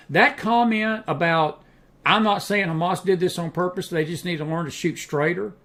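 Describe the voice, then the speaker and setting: A middle-aged man with a drawl hosts a live political commentary show, fielding viewer questions. His voice sits a little high for a man. He talks bluntly and with open indignation, slipping into folksy anecdotes. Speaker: host of a live news and faith show.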